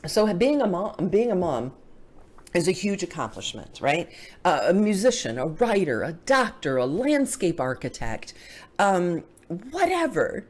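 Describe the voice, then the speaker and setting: A woman's voice: lowish voice, a little slow. A middle-aged woman hosting a live video chat, answering viewer comments as she talks. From Dallas area, US. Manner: animated, reading viewer comments aloud. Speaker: host.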